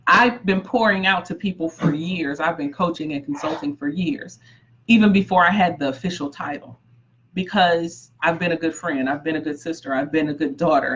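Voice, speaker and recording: A woman's voice: low voice, fairly bright tone, a little hiss or hum. A woman coaching aspiring authors in a live-streamed talk, emphatic and repetitive as she drives her points home. She breaks off to greet viewers by name. The audio is dull and lo-fi. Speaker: book coach.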